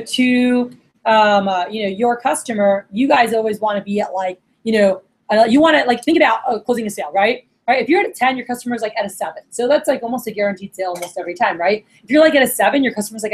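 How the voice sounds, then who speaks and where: Energetic woman sales coach, higher voice. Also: low-quality recording. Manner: casual and slangy, lots of "dude" and "like"; animated, energetic acting-out of examples. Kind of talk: coaching talk to a group of managers.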